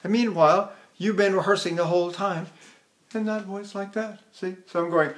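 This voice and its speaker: An older man gives a lecture on vocal technique, and his speaking voice sits high for a man. He talks casually to his students, tells stories and keeps asking "see?" as he makes a point. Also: fairly even intonation, normal speed. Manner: chatty and anecdotal, breaks into sung opera demonstrations; addresses students directly with frequent "see?". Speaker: voice teacher.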